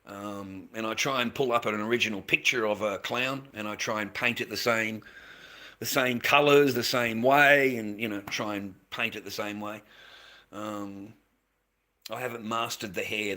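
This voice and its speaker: A man's voice: fairly low pitch, fairly even intonation, moderate pace, bright, forceful tone. A middle-aged Australian man chatting casually on a livestream, rambling and repeating himself, calling viewers mate and swearing now and then. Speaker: livestreamer selling handmade masks.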